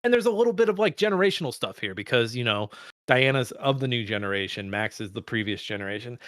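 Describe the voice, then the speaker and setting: A man co-hosting a film podcast, talking in a profane, excitable, rambling way. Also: mid-range voice, quick pace, dry recording, clean studio sound. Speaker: podcast co-host. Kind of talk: casual film discussion.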